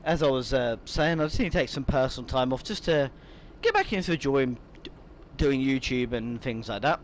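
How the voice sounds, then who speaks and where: A man's voice: mid-range voice, expressive, moderate pace, slight background noise. A man casually commenting on his own game playthrough, chatty and rambling, bothered by hiccups as he talks. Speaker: gaming YouTuber. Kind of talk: casual let's-play commentary.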